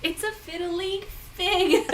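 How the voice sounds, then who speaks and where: A woman from Canada talks easily and laughs often as she co-hosts a relaxed chat at home. Her voice sits high. A faint hum of room noise lingers behind her. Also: slow, creaky. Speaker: podcast co-host. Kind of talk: casual chat. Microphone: phone camera.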